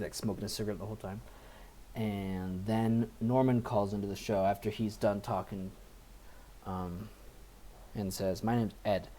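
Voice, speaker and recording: Mellow-voiced guy rambling about a movie. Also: fairly low pitch. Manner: rambling, filler-heavy retelling. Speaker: podcast co-host. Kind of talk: casual movie review chat.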